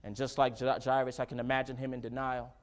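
A man preaching a sermon, swinging from hushed, low lines to loud, fervent exhortation. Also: level tone, fast talker.

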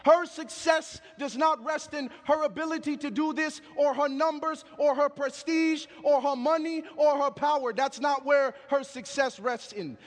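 Man, preacher, sermon, very high voice, long hall reverb. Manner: storytelling, emphatic, call-and-response.

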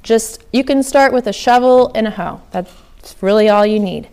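A woman's voice: fairly high pitch, moderate pace, a little mellow. A young woman from Oklahoma giving a casual workshop talk on flower farming, chatty with many ums and likes.

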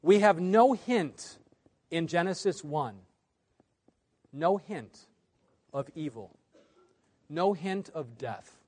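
A man in his forties from the United States, giving a sermon presentation. He swings between loud emphasis and quiet phrase endings. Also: lively intonation, slow, long pauses. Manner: varies loudness widely, drops low at phrase ends. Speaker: preacher.

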